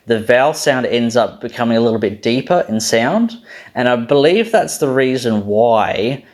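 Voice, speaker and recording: A man with an Australian accent giving a casual, self-deprecating explainer on pronunciation, stopping to say sounds aloud. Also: medium pitch. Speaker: language video host.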